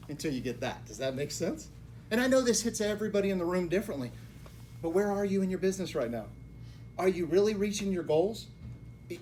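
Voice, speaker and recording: A man giving a motivational talk to a group of realtors, telling a personal story dramatically, dropping to hushed tones and then bursting out loudly. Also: slight background noise. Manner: dramatic, swings between hushed low tones and loud outbursts. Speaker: mortgage lender speaking to realtors. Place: real estate office meeting room.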